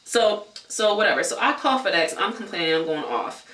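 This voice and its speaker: A man vlogging a casual storytime, talking fast and loose with lots of filler words and the odd swear. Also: high-pitched, animated, sharp tone, recorded from a distance. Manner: chatty, many "like" fillers, swears. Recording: echoey room, voice away from mic.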